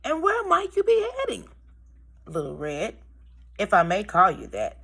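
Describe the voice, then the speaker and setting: A woman's voice: medium pitch, wildly swooping pitch, measured pace, creaky, a bit bright, slightly rough, exaggerated voice. A woman voicing a sly storybook wolf. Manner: oily, mock-polite. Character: sly smooth-talking male wolf. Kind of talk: read-aloud storybook.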